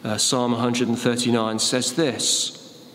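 Man, preacher, sermon, Bible reading, mid pitch, roomy hall, long reverb. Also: little pitch movement, unhurried, fairly bright tone, a little hiss or hum. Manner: expository, with fillers and a told joke.

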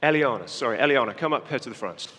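A man's voice: mid-range voice, lively intonation, fast, a bit bright, husky, in a large hall. A man preaching a children's talk, coaxing young volunteers through a parable they act out on stage. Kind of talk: sermon with volunteers acting a parable.

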